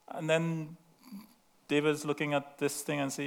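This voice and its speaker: Emphatic male preacher, slightly high voice. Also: little pitch movement, a little slow, gravelly, pauses often, smooth. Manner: emphatic, talks directly to the congregation. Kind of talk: sermon.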